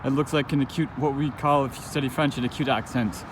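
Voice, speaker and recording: A man giving an informal spoken lesson, thinking aloud as he goes, with halting restarts and frequent fillers. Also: medium pitch, fairly even intonation, noisy background. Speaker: language teacher.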